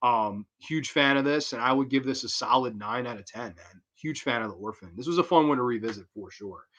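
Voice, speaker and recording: A man hosting horror film reviews in a loose, rambling, profane and animated way. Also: medium pitch, fairly quick, lo-fi sound, a little hiss or hum. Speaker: horror movie reviewer, host. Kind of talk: casual spoken film review.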